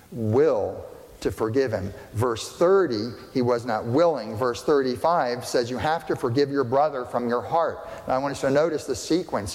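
A man's voice: mid-range voice, a little mellow. A male pastor giving a sermon in a conversational way, putting questions to the congregation and adding dry humorous asides. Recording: long reverb of a large room.

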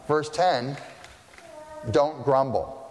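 A man's voice: mid-range voice, extremely slow, darkish tone, a little hiss or hum. A man pastor preaching a conversational sermon, often checking in with the congregation by asking "right?". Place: church sanctuary. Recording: long reverb of a church hall.

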